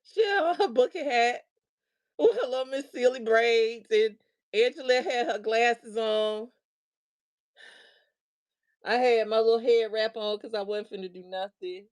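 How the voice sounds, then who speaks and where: A woman's voice: fairly high pitch, fairly even intonation, a little slow, long pauses. A middle-aged woman hosting a show, casually telling a funny story and laughing often as she talks. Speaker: host.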